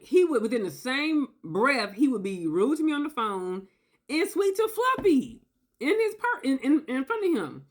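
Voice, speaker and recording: Woman telling a personal story to camera, animated and conversational, acts out what others said. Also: high voice, moderate pace. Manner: animated, acts out quotes, tags lines with "okay?". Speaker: video creator. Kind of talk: casual storytelling monologue.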